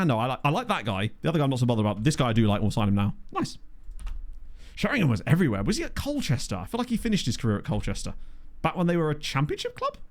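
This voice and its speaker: A man's voice: mid-range voice, a little mellow. Chatty Englishman thinking aloud. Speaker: gaming video creator. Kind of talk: casual gameplay commentary. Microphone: desktop USB microphone.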